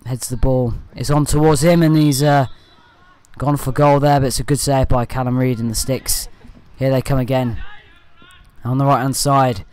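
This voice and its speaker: Male fan commentator, mid-pitched, loose amateur match voice-over, keeps moving on with "anyway". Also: normal speed, smooth. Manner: rambling, leans on "anyway" and "uh" to move on; partisan, with excited bursts at good play.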